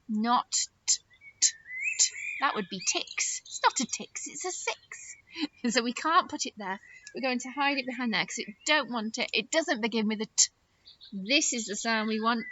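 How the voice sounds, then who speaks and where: A high-voiced woman leads a phonics lesson for small children, her pitch swooping up and down in a sing-song way. She talks slowly and stretches out her words, with bright gasps of surprise. The recording is a little dull, with faint noise behind her. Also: lively intonation. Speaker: nursery teacher.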